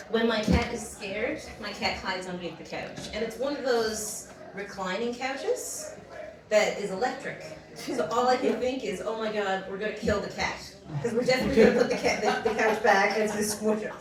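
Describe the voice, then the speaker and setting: A woman's voice: fairly high pitch, lively intonation, moderate pace, crowd noise. A young woman tells a funny story to a live audience. Her voice rises and falls a lot, and she laughs and acts out every quote. The sound is roomy and distant, with an audience laughing along behind her. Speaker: storyteller at comedy show. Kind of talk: storytelling on stage. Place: small comedy venue.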